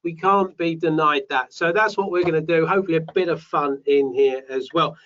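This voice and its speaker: A man's voice: a little high, a little fast, fairly bright tone. A British man hosting a live online property show, chatting and reading out viewers' names. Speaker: host. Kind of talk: live webinar chat. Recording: distant dull mic.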